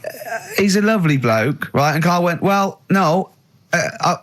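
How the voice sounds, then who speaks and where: A man hosting a comic radio chat, telling stories animatedly and laughing loudly. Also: high-pitched, moderate pace. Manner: animated anecdote-telling, bursts of loud laughter. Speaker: radio show host. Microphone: studio microphone.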